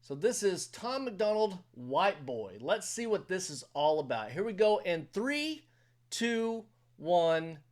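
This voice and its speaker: A man's voice: sits high, big pitch swings, slow. Opinionated man hosting a reaction video. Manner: opinionated, rambling, talks straight to viewers. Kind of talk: casual reaction commentary. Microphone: headphones on while recording.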